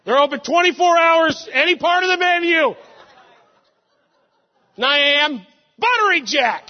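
A young man, a pastor, giving an animated sermon full of laughing stories and sudden loud outbursts. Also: extremely high pitch, measured pace. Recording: muffled sound with long hall reverb.

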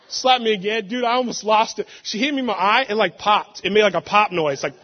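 High-voiced young man preaching in an echoey hall. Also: brisk, a faint crowd. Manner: animated, laughing storytelling with sudden loud outbursts. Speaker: pastor. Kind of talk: sermon. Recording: muffled sound with long hall reverb.

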